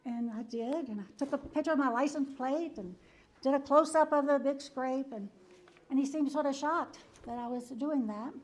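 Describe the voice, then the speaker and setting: A woman's voice: sits high, normal speed. A woman psychologist giving a church wellness talk, telling a personal story conversationally with frequent "um" and "you know" and many chuckles. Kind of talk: conversational presentation with a personal anecdote.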